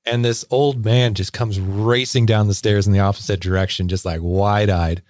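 His lowish, darkish voice holds fairly even intonation at normal speed as he rambles through a lengthy story on the podcast he co-hosts, laughing and using plenty of fillers. The sound is clean studio audio without echo.

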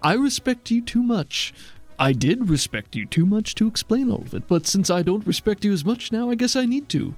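A man's voice: high-pitched, very animated, moderate pace, soft background music, pitched above the performer's own voice. A man putting on a pompous, vain task force leader. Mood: indignant. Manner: pompous, indignant, self-important.

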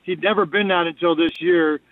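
A man's voice: sits high, steady tone, a little fast, no echo. A man calling in as a guest analyst on a sports radio show, talking candidly and often repeating words as he restarts. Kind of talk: casual sports radio chat. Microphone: phone. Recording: tinny phone line.

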